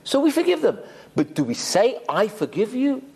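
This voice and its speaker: A man's voice: extremely high pitch, sing-song, normal speed, creaky, darkish tone. A man giving an emphatic Torah class, dropping Hebrew terms into his talk. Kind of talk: sermon. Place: community synagogue hall.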